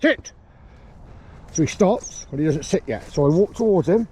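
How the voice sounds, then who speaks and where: A man, a dog trainer, calmly explaining a training session on an outdoor grass field. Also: a little high, brisk, heavy background noise. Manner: calm explaining, with sharp shouted commands to a dog.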